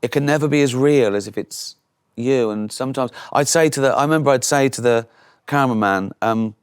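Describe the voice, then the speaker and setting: A man's voice: mid-range voice, brisk, smooth, no echo. Man telling a story, voice dry and close. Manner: animated anecdote-telling, acts out voices of others. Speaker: guest comedian. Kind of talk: casual chat, storytelling.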